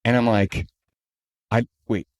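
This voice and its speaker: A man co-hosting a podcast, telling a long story in a casual, animated way and acting out the people he quotes. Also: mid-range voice, slow. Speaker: podcast co-host, company CEO.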